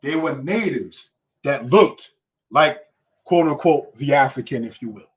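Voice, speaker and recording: A mid-range, expressive, slightly rough male voice, a bit slow, leads a history lesson in an emphatic, preacherly manner. He regularly checks in with the audience, repeating "you understand?" and "brothers and sisters."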